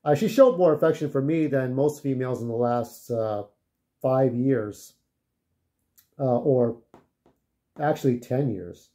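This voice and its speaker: A man's voice: medium pitch, measured pace, long pauses, mellow. A man telling casual, rambling stories, full of swearing, who keeps checking in with "okay?". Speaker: vlogger. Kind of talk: casual storytelling.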